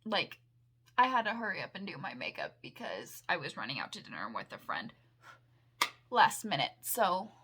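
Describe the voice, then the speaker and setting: A young woman chatting casually at home in a makeup haul vlog, gushing and rambling with excitement. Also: lowish voice, normal speed, breathy edge. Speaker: makeup vlogger.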